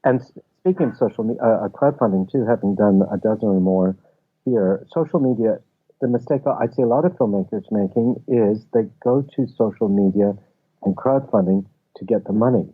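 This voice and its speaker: Low husky man on a phone-like line. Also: a little fast. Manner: explanatory, tells anecdotes. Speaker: guest, film festival founder. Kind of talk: casual interview chat. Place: office.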